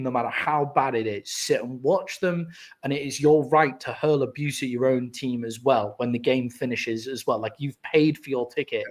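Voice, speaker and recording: A British man co-hosting a sports podcast, talking in a loose, animated way full of filler words and small rants. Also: mid-range voice. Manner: animated, ranting, frequent "like" fillers. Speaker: podcast co-host. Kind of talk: casual sports chat.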